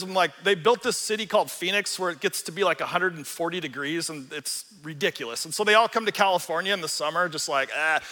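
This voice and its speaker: A man's voice: high voice, sharp tone. A man in his forties preaching a sermon as a pastor, casual and storytelling, with self-deprecating humor. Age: 40s. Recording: reverberant hall.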